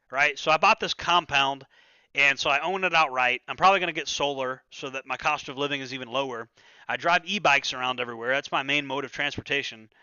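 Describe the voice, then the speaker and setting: On a livestream, a male host rambles casually, swearing often and stumbling into restarts. His voice sits on the high side with a sharp, smooth tone, captured dry with the highs cut off.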